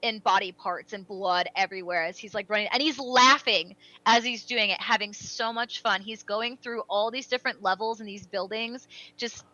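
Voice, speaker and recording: A young woman co-hosting a podcast, retelling a story in an animated way with lots of fillers. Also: mid-range voice, moderate pace, few pauses, highs cut off. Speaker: podcast co-host. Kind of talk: casual chat.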